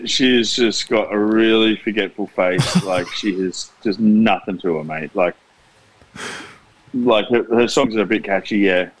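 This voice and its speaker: Man, low husky voice, blunt, cheeky, swears a lot. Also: measured pace, low-quality recording. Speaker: podcast guest. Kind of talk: casual podcast interview chat.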